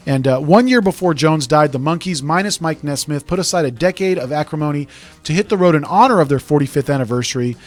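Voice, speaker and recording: Fast-talking chatty male radio host. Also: fairly high pitch. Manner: rambling, chatty, digresses with asides. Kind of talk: casual radio talk.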